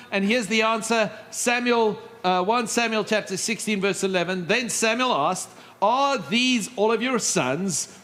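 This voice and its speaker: A middle-aged male pastor preaching a sermon, telling stories with lively asides and humor. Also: high-pitched. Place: church stage.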